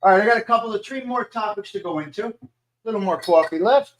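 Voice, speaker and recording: A man's voice: sits high, fast, no room sound, poor audio. A man hosting a casual live-stream show, boastful and joking, often repeating himself.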